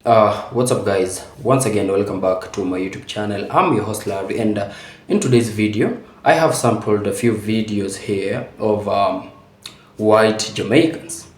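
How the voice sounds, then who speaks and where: A man with a low, easygoing voice introduces his channel's video with a casual pace and plenty of "uh"s. His voice rings around a roomy, echoing space. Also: normal speed. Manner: relaxed, with frequent "uh" and "um" fillers. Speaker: YouTube host.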